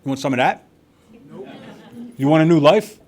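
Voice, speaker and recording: Speaking to a live meeting in a meeting hall, a man in his sixties shares his recovery story, candid and wry, with occasional restarts. His voice is on the high side, a little mellow, and moves at a moderate pace.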